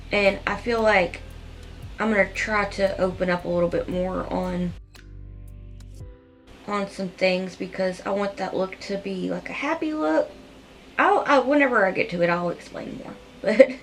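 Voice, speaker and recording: A woman chats her way through a makeup tutorial, rambling and heartfelt. Her voice sits at an ordinary middle pitch, with faint music playing underneath. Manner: rambling, chatty and heartfelt, with frequent "like" and soft laughs. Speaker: makeup vlogger. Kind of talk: casual makeup tutorial chat.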